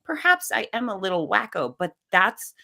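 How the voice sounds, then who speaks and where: A woman's voice: mid-range voice, normal speed, vocal fry. A middle-aged woman, a podcast guest, telling a personal story in conversation and acting out the voices she quotes. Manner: animated, acts out quoted voices.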